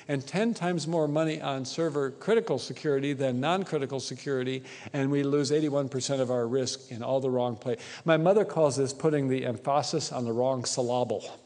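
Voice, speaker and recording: A man with a fairly high pitch and darkish tone addresses a conference hall, the recording echoey. His talk is conversational, and he keeps closing points by asking the audience "right?"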